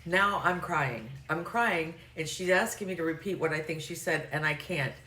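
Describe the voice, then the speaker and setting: A middle-aged woman with a Southern US drawl tells a story with easy, profane humor. Her voice sits low. She sounds a little far from the mic in an echoey room, with faint background hum. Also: normal speed, bright, forceful tone. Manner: profane, joking, conversational. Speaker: vlogger and life coach. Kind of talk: comic storytelling. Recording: roomy, distant mic with faint noise.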